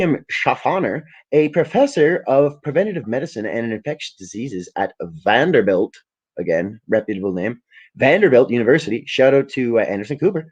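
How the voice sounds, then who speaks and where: A man's voice: medium pitch, darkish tone, husky, highs cut off. A Canadian man hosts a casual live stream, reading news articles aloud and breaking in with profane, sarcastic asides. He stumbles over words, restarts sentences and apologises as he goes. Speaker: livestream host.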